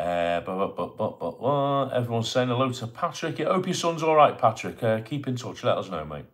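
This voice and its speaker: A middle-aged man hosts a relaxed live stream from his Bournemouth home, reading viewer comments aloud and greeting people by name. His voice sits at a medium pitch with a fairly bright tone, and he speaks a little fast and very animatedly.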